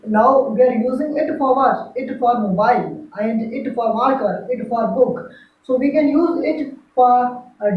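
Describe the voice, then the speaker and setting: A woman teaching grammar in a lecture, repeating each example and checking with "right?". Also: fairly high pitch. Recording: echoey room from far, dull lo-fi.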